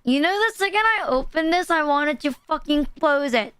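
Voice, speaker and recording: A woman's voice: high voice, animated, moderate pace, fairly bright tone, no echo. A woman from the Philippines, chatting casually and profanely as a streamer reacting to videos. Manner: loose, profane, laughing asides. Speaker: VTuber streamer.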